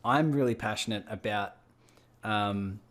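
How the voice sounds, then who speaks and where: A man's voice: fairly low pitch, measured pace, fairly bright tone. A man hosting an interview, thoughtfully restating and building on his guest's points in casual talk. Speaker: podcast host.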